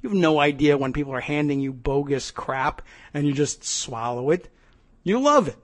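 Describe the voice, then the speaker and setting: A man's voice: on the high side, lively intonation, moderate pace. A man hosting a political commentary podcast, talking in a sarcastic, ranting way. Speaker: podcast host.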